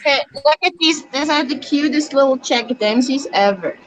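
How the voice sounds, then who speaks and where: A woman's voice: high voice, normal speed, low-quality recording. A woman on a group video call, chatting casually and pointing out things she has found. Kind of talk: casual chat.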